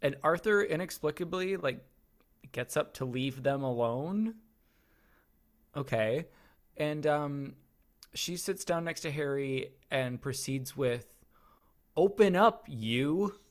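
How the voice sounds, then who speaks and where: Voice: medium pitch, takes it slowly, pauses often. A podcast co-host in casual chat, sarcastic and profane, recapping scenes.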